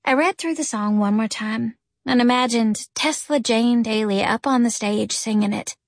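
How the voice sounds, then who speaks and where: A woman narrating a first-person children's story in an expressive, lively way. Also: fairly high pitch, moderate pace, no room sound, clean studio sound. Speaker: audiobook narrator.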